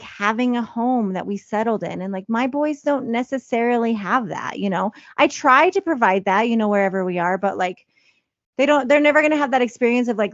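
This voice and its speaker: A woman in her thirties tells her story in a relaxed, heartfelt podcast chat, leaning on fillers as she goes. Her voice sits a little high. The recording is dry and a bit muffled. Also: no room sound. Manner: emotional, confessional, many fillers like "you know". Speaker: podcast co-host.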